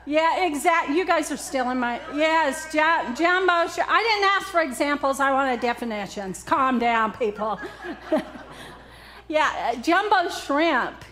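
A woman's voice: high voice, a little slow, pushed and bright. A woman with a Southern US accent preaching a conversational sermon, joking with and quizzing her congregation.

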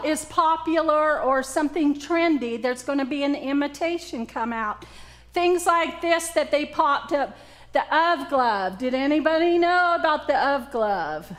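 High-voiced, unhurried woman preacher. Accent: Southern US. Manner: joking, interactive with congregation. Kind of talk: conversational sermon.

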